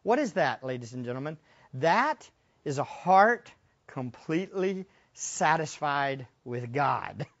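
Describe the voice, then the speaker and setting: High-voiced man preaching emphatically. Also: very animated, slow pace, muffled recording. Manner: emphatic preaching with rhetorical questions, wide swings in loudness. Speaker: pastor. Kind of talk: sermon.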